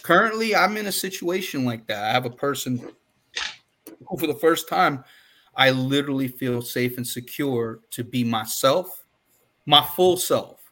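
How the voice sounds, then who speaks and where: A podcast co-host with a medium-pitched, animated voice talks at a measured pace in a casual discussion. He is earnest and emphatic, sometimes getting loud and fired up.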